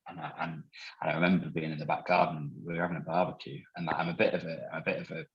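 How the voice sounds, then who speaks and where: A man with a very low voice, talking as a guest on a casual podcast. He rambles, swears freely and laughs easily. The recording sounds dull and lo-fi. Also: little pitch movement, very fast.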